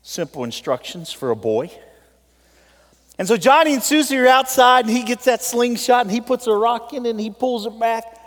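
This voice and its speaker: A man preaching a sermon in a church, telling a story and pleading with the congregation, swinging between loud appeals and soft, quiet moments. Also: very high voice, lively intonation, normal speed. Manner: tells a story with voiced characters. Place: church sanctuary. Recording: long reverb of a large hall.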